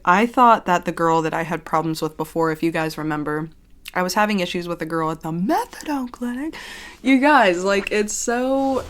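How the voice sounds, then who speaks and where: A woman vlogger in casual confessional chat to the camera, rambling with lots of "like" and casual swearing, by turns animated and subdued. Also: medium pitch, a little hiss or hum. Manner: expressive, jumps between laughing and subdued.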